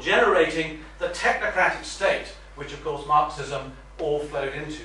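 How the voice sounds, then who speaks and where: A man's voice: on the high side, pushed and bright, a little hiss or hum. An older man, a retired minister, giving an earnest public talk with wry asides. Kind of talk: public lecture to a meeting. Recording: echoey room, voice from far off.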